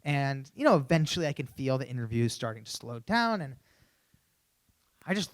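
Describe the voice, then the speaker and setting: A young man giving a keynote on a conference stage, telling an animated story through a stage microphone, with many "you know"s. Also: mid-range voice, moderate pace. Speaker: keynote speaker.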